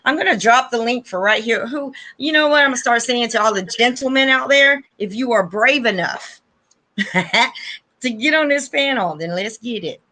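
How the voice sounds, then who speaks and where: Bright, effusive woman hosting a stream. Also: fairly high pitch, normal speed. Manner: effusive and emotional; addresses viewers as "you guys". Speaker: host of a live panel stream. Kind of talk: casual spiritual chat.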